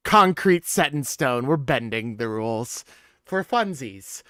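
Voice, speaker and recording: A man with a bright, crisp voice hosts a tabletop game. He jokes and talks loosely, tossing in quick asides. The sound is dry and close. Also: medium pitch, lively intonation, dry recording. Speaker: game master. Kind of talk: casual game intro chat.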